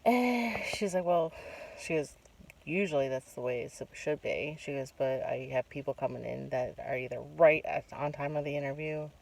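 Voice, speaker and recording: Casual vlogging woman, gravelly voice, distant mic, faint room noise. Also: deep voice, darkish tone. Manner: chatty, retells conversations with many asides. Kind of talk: casual storytelling monologue.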